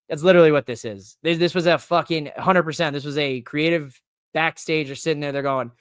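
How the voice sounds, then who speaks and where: A man hosting a podcast, ranting casually about wrestling in an animated, profane, joking way. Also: fairly high pitch, brisk, clean tone, dry recording, clean studio sound. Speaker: podcast host. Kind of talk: casual wrestling recap rant.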